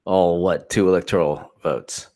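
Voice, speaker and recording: Guy ranting about the news, kinda low voice, sarcastic and fed up. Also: steady tone, a little slow, a little mellow. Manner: sarcastic, incredulous, exasperated. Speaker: political commentary host. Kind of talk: off-the-cuff political commentary.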